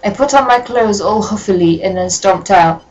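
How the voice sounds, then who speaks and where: A woman's voice: medium pitch, moderate pace, a little mellow, lo-fi sound. A woman giving a comic reading of a fan story, breaking in with dry, sardonic asides. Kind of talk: comic dramatic reading with commentary.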